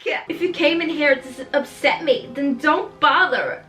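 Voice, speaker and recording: A young woman talks in a casual reading vlog, and her voice sits high. She is animated and outspoken and swears freely as she reacts. Soft music plays faintly underneath. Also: normal speed. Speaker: book vlogger. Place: home, indoors.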